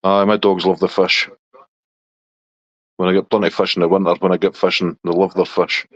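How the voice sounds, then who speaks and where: Scottish man, deep voice, relaxed casual chat, dry muffled recording. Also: fairly quick, dry recording. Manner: relaxed, chatty, talks to his dog in a high baby voice. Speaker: livestream host chatting with viewers. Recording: dull lo-fi dry sound.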